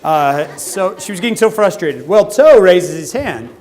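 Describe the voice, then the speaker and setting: A man giving a humorous talk to a youth conference, telling a story with lively acted-out quotes. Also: sits high, measured pace. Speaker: youth speaker. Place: conference hall.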